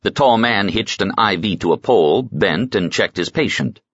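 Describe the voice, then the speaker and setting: A man narrating an audiobook in a dry, measured storytelling manner. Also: fairly low pitch, expressive, fairly bright tone, slightly rough, dry recording, lo-fi sound. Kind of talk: scripted narration.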